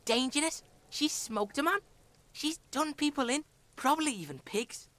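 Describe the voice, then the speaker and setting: A woman's voice: high voice, lively intonation, moderate pace, fairly bright tone. A woman voicing a swaggering, crude young boy in a video game who talks about himself in the third person. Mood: cocky. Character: foul-mouthed, cocky young boy.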